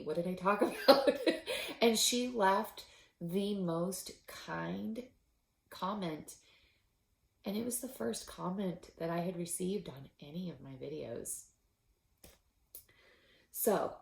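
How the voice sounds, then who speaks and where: A woman's voice: lowish voice, vocal fry, echoey room. A woman hosting a knitting podcast, talking casually and getting choked up and laughing between thoughts. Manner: emotional, choked up, laughing often. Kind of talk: casual solo podcast talk.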